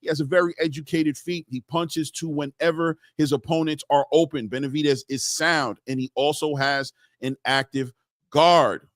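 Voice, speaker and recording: A man's voice: on the high side, fairly even intonation, moderate pace, no echo. Dry-sounding man hosting a boxing stream. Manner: shouts out chat viewers, loose and chatty. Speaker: boxing show host. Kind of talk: casual live-stream chat reading comments.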